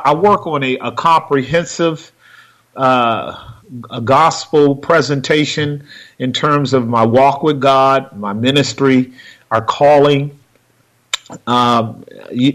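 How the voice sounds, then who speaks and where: A man's voice: mid-range voice, a bit bright. A man, a pastor, hosting a radio call-in show, talking in long rambling stretches. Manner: rambling, many fillers and restarts.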